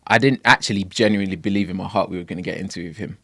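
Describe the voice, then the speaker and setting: A young man excitedly retelling street-interview stories as a podcast guest in casual chat. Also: low voice, very fast, no echo. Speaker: podcast guest, camera operator.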